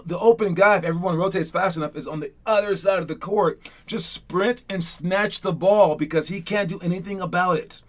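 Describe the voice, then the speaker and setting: A slightly high-voiced man leads a casual live online basketball session, talking loosely and filling gaps with ums and "dude"s. He rambles between tips and gets excitable while teasing his players. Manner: chatty and rambling, many fillers and "dude"s. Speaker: basketball coach.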